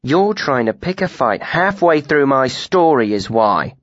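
A man's voice: medium pitch, big pitch swings, a little slow, fairly bright tone, dry recording, pitched above the performer's own voice. A man voicing a fierce, impatient woman warrior who speaks sharply and seethes. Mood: exasperated. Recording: dry, slightly muffled studio recording.

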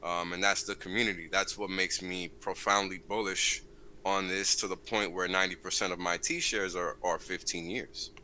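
A man joining a livestream as a guest, speaking earnestly and filling pauses with "um" and "right?". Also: low-pitched, level tone, sharp tone, a little hiss or hum, rough recording. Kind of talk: casual livestream chat.

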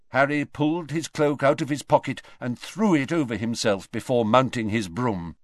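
A man narrating a fantasy novel in an expressive, dramatic reading. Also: medium pitch, normal speed, few pauses, no echo. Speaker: audiobook narrator.

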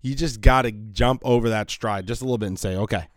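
A man hosts a solo podcast, rambling and swearing casually, restarting often and sounding a bit tired. His lowish voice moves fast, recorded with studio quality and no echo.

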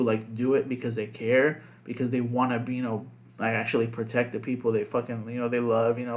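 A man co-hosting a casual podcast chat, rambling with lots of fillers and constant swearing. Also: medium pitch. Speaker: podcast co-host.

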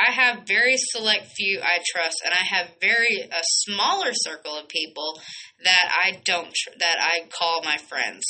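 A woman's voice: fairly low pitch, bright, forceful tone, slight background noise, low-quality recording. A young woman, hosting a podcast and telling a rambling personal story full of fillers and asides. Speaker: podcast host. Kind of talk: casual storytelling monologue.

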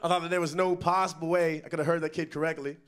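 A young comedian tells stories during a festival stand-up set, delivering them with lively animation and abrupt, shouted impressions. He speaks in a slightly high voice at a rapid-fire clip.

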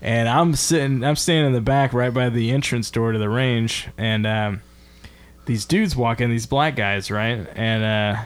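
A man's voice: mid-range voice, a little slow, smooth. A man co-hosting a casual podcast, telling a story with plenty of swearing and laughter. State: drinking beer. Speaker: podcast co-host. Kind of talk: casual chat.

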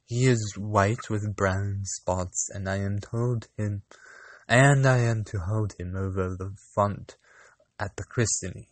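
A man voicing a sly, greedy female cat in a storybook reading, with a slow, cool, smooth delivery. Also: fairly low pitch, dry recording. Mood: scheming.

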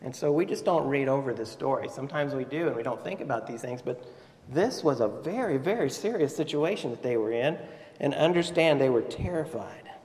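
A male pastor delivers a Sunday sermon, retelling the story and putting questions to his congregation. His voice sits at an ordinary middle pitch. The sanctuary's long reverb trails after his words. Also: lively intonation, brisk, a little mellow. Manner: storytelling, asks the audience questions.

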